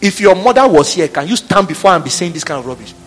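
High-voiced preacher man. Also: quick pace, soft background music. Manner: animated, laughing, acting out office scenes. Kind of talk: sermon.

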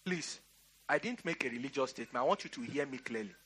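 A man's voice: mid-range voice, expressive, fast, fairly bright tone, breathy edge. A middle-aged Nigerian man preaching a sermon, giving emphatic commands and laughing through a storytelling aside. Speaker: pastor. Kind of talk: sermon with personal anecdote.

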